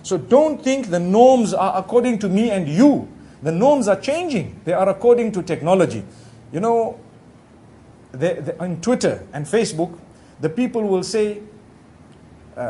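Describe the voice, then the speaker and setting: A man giving a conversational Islamic sermon, talking directly to his listeners in a relaxed way with frequent asides. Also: sits high, moderate pace, a little hiss or hum. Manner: relaxed, talks directly to the audience with frequent "you know". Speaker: Islamic preacher.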